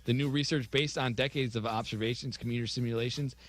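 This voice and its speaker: A man's voice: medium pitch, steady tone, quick pace. A man co-hosting a radio show, reading offbeat news stories aloud and chuckling at them.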